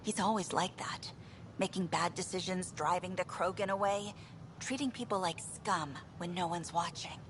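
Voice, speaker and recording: A woman's voice: fairly low pitch, normal speed, a little hiss or hum, close to an everyday voice. An actress playing a frustrated, outspoken female engineer in a video game. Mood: exasperated. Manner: exasperated, outspoken. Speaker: game character.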